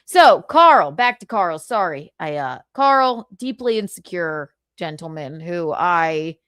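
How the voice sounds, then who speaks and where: Slow, giggly woman host with a lively voice, dry close sound. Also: fairly low pitch, clean tone, no room sound. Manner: giggly, teasing, drawls. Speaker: livestream host. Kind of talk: casual livestream chat.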